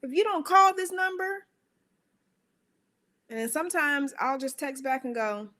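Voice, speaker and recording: A woman giving a spiritual motivational talk in a conversational, emphatic way, with rhetorical questions and playful voices for her own inner thoughts. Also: a little slow. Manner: animated, acts out her own inner voices with squeaky high bits. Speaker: speaker of a worship center.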